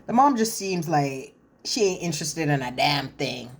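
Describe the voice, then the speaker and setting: A woman's voice: sits low, lively intonation, moderate pace, slightly rough. A woman giving a chatty, blunt, slangy recap of a reality show, with lots of fillers. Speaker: reality TV commentator. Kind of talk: casual recap commentary.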